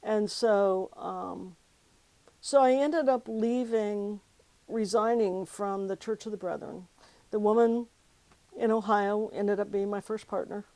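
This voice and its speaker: A woman with a gravelly, mid-range voice tells her own life story in an oral history interview. She speaks reflectively and with feeling, often acting out past conversations as she recalls them. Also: mid-range voice, fairly even intonation, slow, a little mellow, no echo, poor audio. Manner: reflective, emotional, quotes conversations. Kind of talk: personal storytelling.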